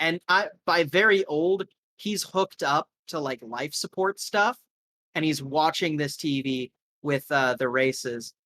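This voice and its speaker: A man's voice: a little high, pushed and bright, dry recording. A man narrating a tabletop game as game master, rambling casually with lots of fillers.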